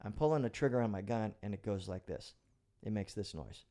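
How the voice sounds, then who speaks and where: A man's voice: fairly low pitch, lively intonation, brisk, dark tone. A middle-aged man, a retired police officer, telling a vivid personal story as a guest in a casual interview, now and then swearing.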